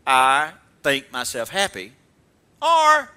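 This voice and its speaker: A man preaching a sermon, animated, acting out mocking dialogue and calling for amens. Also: high-pitched, normal speed. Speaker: pastor.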